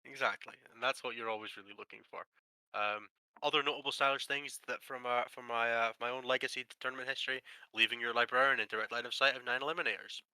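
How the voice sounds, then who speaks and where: A Scottish man calls a tabletop wargame live in a joking, teasing way. His voice is very bright and crisp. The sound is dry and close, with no room echo. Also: medium pitch, fairly even intonation, fast talker. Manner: joking, laughing, teasing banter. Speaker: tabletop game commentator. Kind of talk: casual live game commentary.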